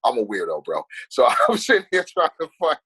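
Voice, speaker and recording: A man's voice: mid-range voice, wildly swooping pitch, brisk, bright, forceful tone, husky, poor audio. A middle-aged man, a guest rapper, chatting casually on a podcast, laid-back and often laughing, with rambling restarts.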